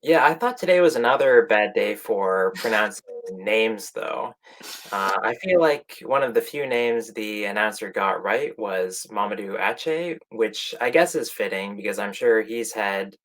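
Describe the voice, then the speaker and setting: A man giving quick, conversational takes on awards results in a casual panel chat. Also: on the low side, lively intonation, fairly bright tone. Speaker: awards pundit.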